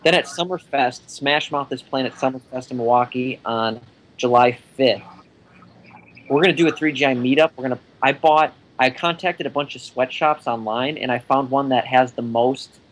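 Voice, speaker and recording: A man's voice: mid-range voice, normal speed, poor audio. A man chatting casually as a guest on a podcast, rambling through plans with jokes and frequent laughter. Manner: joking, rambling, laughs often. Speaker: podcast guest, event organizer.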